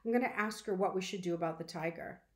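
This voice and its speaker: A woman's voice: fairly low pitch, fast talker, close to an everyday voice. A woman reading aloud, voicing a fierce, stubborn young girl who talks insistently. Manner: insistent and forceful. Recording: roomy echo.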